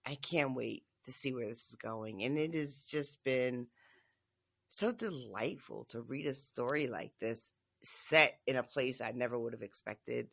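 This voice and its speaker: Bright-voiced, animated podcast co-host. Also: mid-range voice, a little slow, vocal fry. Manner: animated, laughs often, many fillers like "like". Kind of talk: casual book discussion chat.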